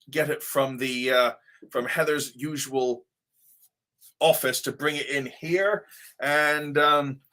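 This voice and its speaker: An Ohio man whose accent combines Midwestern American with English RP and Devon hosts a casual livestream, reading comments aloud. He rambles with fillers and the occasional swear word in a medium-pitched, bright, forceful voice.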